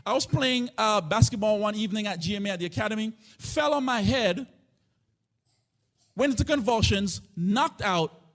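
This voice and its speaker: A man preaching a live church sermon as pastor. He delivers it with passion in a sing-song chanting cadence, swinging between shouting and hushed tones. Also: sits high, moderate pace. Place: church sanctuary.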